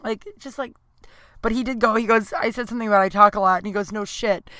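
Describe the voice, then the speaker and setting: A woman's voice: a little high, fairly even intonation, fast talker, bright, forceful tone. A woman in her thirties hosting a solo podcast, rambling candidly with lots of fillers, swearing and self-deprecating asides. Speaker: podcast host. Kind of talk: casual solo podcast monologue.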